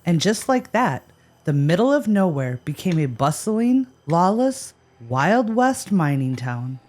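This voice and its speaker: A woman's voice: on the low side, big pitch swings, measured pace, a little mellow. A woman co-hosting a podcast, telling a history story with playful, jokey asides. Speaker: podcast co-host. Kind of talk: scripted podcast banter.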